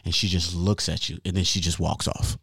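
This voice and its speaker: A man hosting a casual chat, animated and profane, acting out what others say. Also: deep voice, fairly quick, breathy edge, no room sound, studio quality. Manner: animated, profane, acts out quotes.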